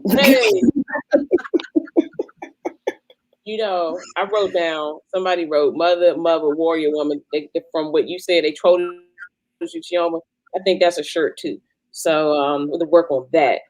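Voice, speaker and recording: A woman's voice: low-pitched, fairly even intonation, normal speed, darkish tone, poor audio. A woman in her forties moderating a panel. She talks in a casual, playful way, with loose rambling asides. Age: 40s.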